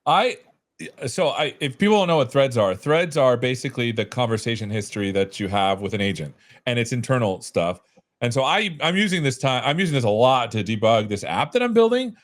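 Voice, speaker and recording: A man's voice: medium pitch, very animated, a little fast. A man hosting a tech show, enthusiastic and full of praise, often restarting his sentences in casual chat. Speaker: show host.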